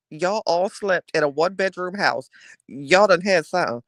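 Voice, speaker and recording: A man's voice: high voice, animated, a bit bright, dry recording, clean studio sound. A man hosting a casual gossip podcast, talking in a sassy, dramatic way and addressing his listeners directly. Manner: sassy, dramatic, drawn-out storytelling. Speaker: podcast host reading live chat.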